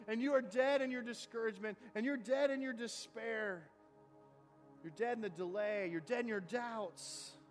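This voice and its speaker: A man with a high voice preaches an Easter-style sermon, reading scripture and pressing his points with mounting fervor. His voice carries through a big room with a long reverb, and soft music sits underneath. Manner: preaching with rising intensity, reading scripture aloud. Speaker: pastor.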